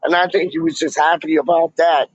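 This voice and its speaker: A man's voice: fairly high pitch, steady tone, fairly quick, dry recording. A man chatting casually on a livestream as a fan vlogger, rambling in slang and filling his talk with "like" and "man". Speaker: fan vlogger reading live chat. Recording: dull lo-fi audio.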